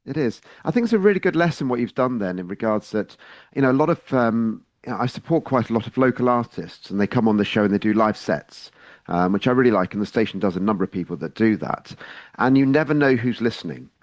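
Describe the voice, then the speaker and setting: A man's voice: lowish voice, animated, fast, no room sound. A man from England hosting a radio interview, friendly and chatty. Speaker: radio show host.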